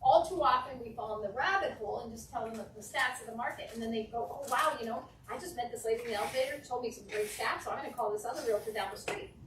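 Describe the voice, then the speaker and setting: A woman teaching a real estate class, acting out client conversations in a lively, animated way. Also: on the high side, quick pace, few pauses, a little hiss or hum. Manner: animated, acts out client dialogues. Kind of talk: classroom training talk. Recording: echoey room from a distance.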